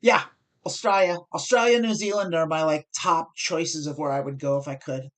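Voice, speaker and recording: An American woman hosts a live poker stream, thinking aloud through each hand. She talks in a casual, even way and often catches and corrects herself mid-sentence. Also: low voice, normal speed. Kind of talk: live-stream strategy commentary.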